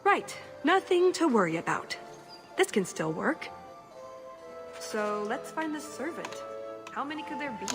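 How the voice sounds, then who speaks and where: A woman's voice: high voice, sing-song, measured pace, long pauses, a bit bright, faint music behind, full character voice. An actress voicing a sly female rogue in a video game, polite and wry. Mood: scheming.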